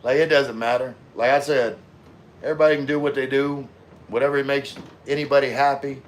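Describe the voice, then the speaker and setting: A man's voice: mid-range voice, level tone, brisk. A middle-aged man hosting a casual livestream, answering viewer comments in a laid-back way with lots of fillers. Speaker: livestream host reading chat.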